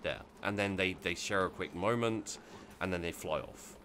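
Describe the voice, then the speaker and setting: A low-voiced man chats loosely over his game footage, circling back and restarting his sentences as he goes. His voice has a bright, forceful edge, with a faint hiss underneath. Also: moderate pace. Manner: rambling, many restarts and fillers. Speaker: let's play host. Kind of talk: casual gameplay commentary.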